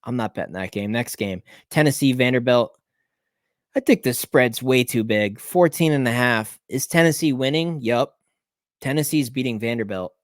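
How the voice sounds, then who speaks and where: A man at an ordinary middle pitch talks through his betting picks in a loose, rambling way. He thinks aloud, stops to check scores and corrects himself as he goes. His voice sounds close and dry, with no room around it. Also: normal speed, dry recording. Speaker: sports betting picks host. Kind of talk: casual solo picks rundown.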